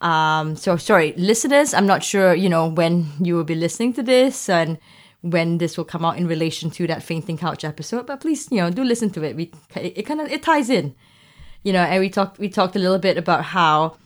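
A woman's voice: lowish voice, normal speed. Chatty woman podcast co-host. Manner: chatty, many restarts and fillers, laughs while talking. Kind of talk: casual chat.

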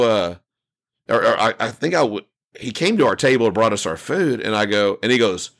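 A man's voice: lowish voice, lively intonation, brisk, creaky, fairly bright tone. A man hosting a podcast, telling stories in a loose, rambling way full of restarts and fillers. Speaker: podcast host. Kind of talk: casual chat.

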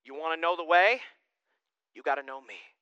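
A man voicing a patient, slightly exasperated male teacher who calmly explains something again, in a sermon. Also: a little high, normal speed, clean tone, no echo, lo-fi sound. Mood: plain. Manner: calm, plainspoken, slightly exasperated.

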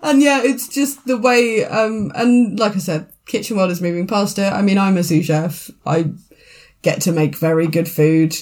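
A woman who works as a sous chef, co-hosting a podcast and talking in a lively, emphatic way. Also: fairly low pitch, normal speed. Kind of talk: casual chat.

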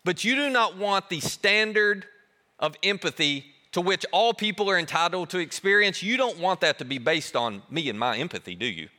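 Animated preacher man in a big echoing hall. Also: high voice, normal speed. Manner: animated preaching, dropping soft on key words. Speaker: pastor. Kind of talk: sermon.

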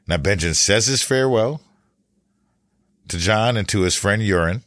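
A man talking through a TV series recap and analysis in a thoughtful, casual way, pausing and restarting as he goes. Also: on the low side, animated, a bit bright, dry recording, studio quality. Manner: thoughtful, with frequent pauses and restarts.

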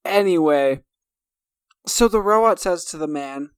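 A woman's voice: on the low side, lively intonation, a little slow, no room sound. A woman co-hosting a casual podcast chat, giggly and self-mocking, stumbling as she reads aloud. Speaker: podcast co-host.

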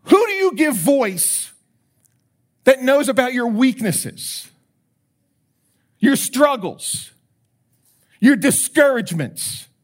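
Male pastor, bright higher register, big swooping delivery; a sermon voice that acts out the quotes it uses. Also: takes it slowly, pauses often. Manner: animated preacher who acts out quoted prayers; rising to emphatic calls.

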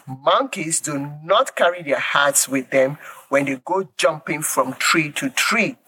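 A woman voicing a trusting, excitable male monkey in a children's story, high-pitched and squealing. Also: unhurried, a little hiss or hum, full character voice, poor audio. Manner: high and squealing when frightened.

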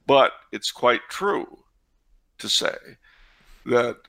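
A man with a deep-set, gravelly voice that is bright and forceful at once. He talks through church history in a casual way, wandering off into sardonic asides. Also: expressive, extremely slow. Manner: wry, digressive, sardonic asides. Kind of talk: casual discussion with digressions.

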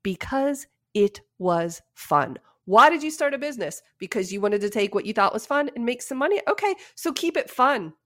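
A woman's voice: a little high, fast talker, few pauses. Woman in her 40s hosting a podcast, casual chat, laughs a lot. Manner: lively, laughs often, tells stories. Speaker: podcast host.

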